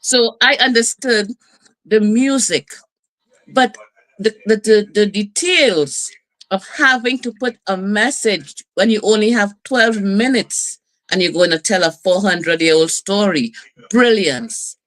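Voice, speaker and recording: A middle-aged woman host, telling stories and preaching in a lively community broadcast. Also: mid-range voice, unhurried. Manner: lively, preachy storytelling with laughs and asides.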